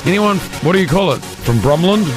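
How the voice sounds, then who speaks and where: A man hosting a radio show in a studio, loud, teasing and jokey in banter with co-hosts and callers. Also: high voice, animated, fairly quick, music in the background. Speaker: radio host. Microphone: studio microphone.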